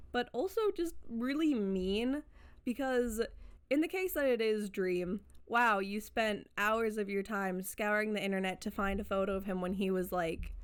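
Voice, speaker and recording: A woman's voice: medium pitch, smooth. Chatty sarcastic woman narrating commentary. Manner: chatty, digressive, playfully sarcastic. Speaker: commentary YouTuber. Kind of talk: casual commentary video essay.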